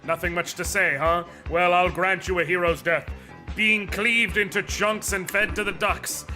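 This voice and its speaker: A cruel, boastful villain knight from a video game, put on by a male streamer. He gloats in a theatrical, slightly high voice. Music plays in the background. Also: steady tone, unhurried, exaggerated voice. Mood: taunting. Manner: theatrical, gloating, swings to shouting rage. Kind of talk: dramatic reading of game dialogue. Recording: music behind the voice.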